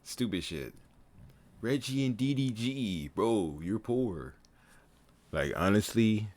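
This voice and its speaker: Animated low-voiced man riffing and laughing. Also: takes it slowly, pauses often. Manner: animated, laughs often, swears freely. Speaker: streamer. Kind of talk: casual reaction commentary.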